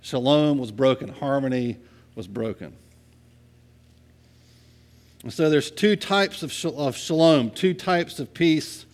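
A man preaching a sermon in a conversational way, often checking in with the listeners and moving between quiet and loud passages. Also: mid-range voice, slow pace, pauses often. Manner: conversational, asks "right?" often, swings from soft to loud. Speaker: pastor.

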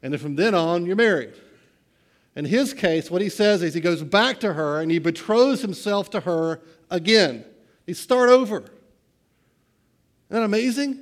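A middle-aged man preaching a sermon, swinging between hushed, quiet lines and loud, excited bursts. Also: high voice, moderate pace. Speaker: pastor.

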